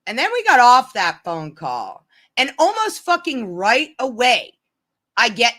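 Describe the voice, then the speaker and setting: Bright-voiced woman rambling to viewers. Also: on the high side, huge pitch swings, a little slow. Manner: rambling, many restarts and "you know"s. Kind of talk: casual storytime chat to viewers.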